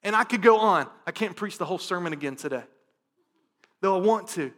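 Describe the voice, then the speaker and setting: A man preaching a sermon as pastor, dropping to a hushed prayer and rising to loud, emphatic calls, repeating phrases for emphasis. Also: high voice, expressive, a little fast.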